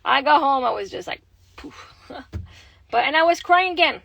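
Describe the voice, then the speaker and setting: Her voice sits high, expressive, gravelly and fairly bright, and she speaks a little slowly. This young Québécois mother from Quebec, Canada, rambles and swears freely on a phone livestream, in a low-quality recording with no echo.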